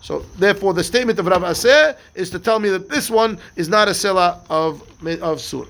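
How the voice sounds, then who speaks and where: A male rabbi leads a Talmud class in a high, gravelly voice. He walks through the text step by step, asking himself questions and answering them, with Hebrew and Aramaic terms woven into his English. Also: a little fast, a bit bright.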